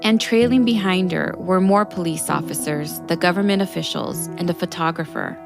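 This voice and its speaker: A woman narrating a documentary story in a measured, scripted way. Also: fairly low pitch, vocal fry. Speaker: podcast narrator. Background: music.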